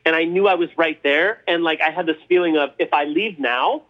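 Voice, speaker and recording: A man's voice: fairly high pitch, a little fast, dull audio. A man telling stories from his playing days in casual talk, acting out quotes as he goes. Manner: animated, acts out quotes. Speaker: guest. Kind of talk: casual storytelling.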